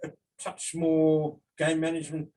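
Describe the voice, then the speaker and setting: A man's voice: fairly high pitch, monotone, measured pace, mellow, recorded from a distance, low-quality recording. A man, a sports journalist, sets out his reasoning in a thoughtful way before asking a coach his question. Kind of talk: asking a press conference question. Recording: off-mic in a press room with faint noise.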